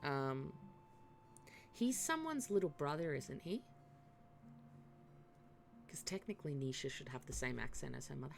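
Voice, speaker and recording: A woman streamer chats her way through a cozy game, rambling and poking fun at herself as she plans character voices. Her voice is low and gravelly, unhurried, over a faint hiss of background noise. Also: expressive. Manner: chatty, self-deprecating, thinking aloud. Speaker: live-streamer. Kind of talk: casual gaming stream chat.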